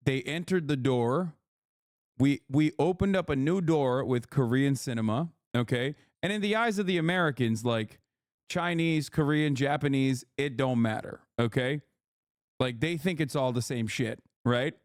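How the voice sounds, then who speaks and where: A man live-streaming to his chat, emphatic and profane, often checking in with a quick question. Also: mid-range voice, no room sound, clean studio sound. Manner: emphatic, profane, keeps asking "okay?". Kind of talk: livestream chat.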